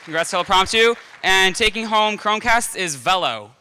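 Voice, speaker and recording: A man emceeing an awards segment, brisk and businesslike. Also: high voice, expressive, sharp tone, long reverb tail, some chatter behind, slight background noise. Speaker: event organizer and emcee.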